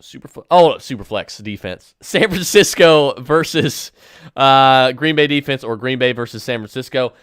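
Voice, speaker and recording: A man's voice: medium pitch, normal speed, fairly bright tone, clear, resonant tone, no room sound, clean studio sound. A man hosting a podcast and firing off fantasy football advice, with emphatic, decisive picks broken up by fillers and restarts. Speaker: podcast host answering listener questions.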